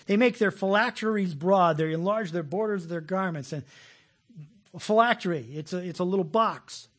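A middle-aged man preaching a sermon as pastor, folksy and animated, telling jokes and acting out voices. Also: sits high, normal speed.

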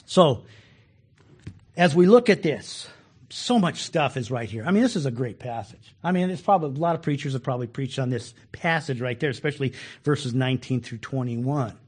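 A man teaching a Bible study in a folksy, animated way, acting out the quoted lines with extra force. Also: medium pitch, normal speed, breathy edge.

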